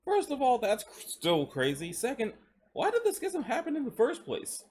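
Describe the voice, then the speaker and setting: A man doing a high-voiced eager young guy. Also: wildly swooping pitch, moderate pace, darkish tone, husky, exaggerated voice. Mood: curious. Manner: high, pressing questions.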